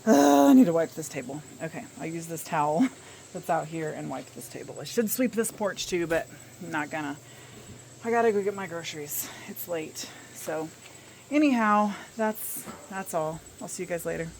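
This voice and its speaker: A chatty woman with a Southern US accent rambles to the camera in her vlog, her voice sitting a little low. The phone audio is noisy, with clear hiss and rumble around her. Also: expressive, normal speed. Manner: rambling, chatty, with small laughs. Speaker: vlogger. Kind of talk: casual chat to camera.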